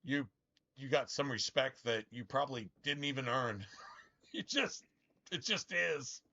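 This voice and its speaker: A man's voice: medium pitch, lively intonation, a little slow, sharp tone. A young man streaming a video game, chatting casually in a rambling, profane way and stumbling over his restarts. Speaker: gaming streamer. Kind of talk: casual chat over gameplay. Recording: dull lo-fi stream audio with faint game music.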